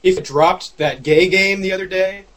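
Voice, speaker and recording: A man co-hosting a call-in podcast, with a high voice and a teasing, laughing manner. Loud crowd noise runs behind him the whole time. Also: moderate pace. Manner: laughing, teasing, introduces callers. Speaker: podcast co-host. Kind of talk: casual call-in podcast banter.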